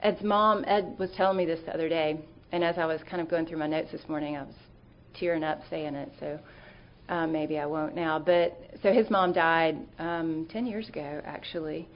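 A woman's voice: low voice, steady tone, moderate pace, highs cut off. Earnest woman giving a conversational talk. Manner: earnest, storytelling, with fillers and restarts.

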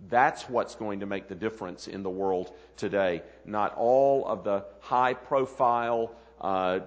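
A man's voice: fairly low pitch, a little slow, highs cut off. A man leading a ministers' conference and giving an earnest opening address with frequent fillers and restarts. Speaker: conference leader. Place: conference hall. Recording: long hall reverb.

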